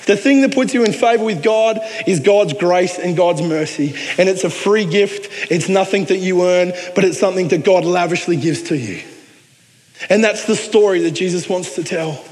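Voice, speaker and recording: A man's voice: sits high, normal speed, darkish tone, in a large hall. A man with an Australian accent preaching a sermon, earnest and conversational with joking asides. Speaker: pastor.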